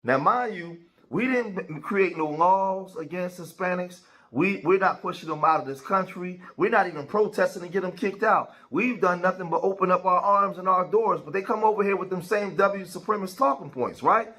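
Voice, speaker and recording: A man's voice: high-pitched, normal speed, hardly any pauses, bright, forceful tone, rough recording. A man, giving casual commentary in a conversational way and checking in with his listeners. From Philadelphia. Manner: conversational, keeps asking "right?".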